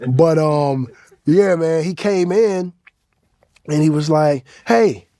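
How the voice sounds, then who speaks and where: A man's voice: on the high side, slow pace, dark tone, dry recording. Nonchalant man telling a story, dry sound. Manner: nonchalant, conversational. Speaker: interviewee. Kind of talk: casual anecdote.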